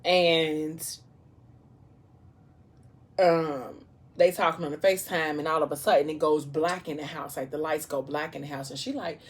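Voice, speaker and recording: A woman with a somewhat low voice chats over a meal in the style of a casual vlog. She retells a story in an animated way and throws in playful asides. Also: moderate pace, long pauses. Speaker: vlogger. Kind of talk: casual storytelling during a mukbang.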